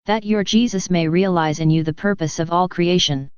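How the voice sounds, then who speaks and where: A woman's voice: on the low side, normal speed, clear, resonant tone, no echo, natural voice. Jesus, tender and solemn, read by a woman. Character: gentle loving male divine speaker, Jesus. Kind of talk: devotional reading. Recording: dull lo-fi dry recording.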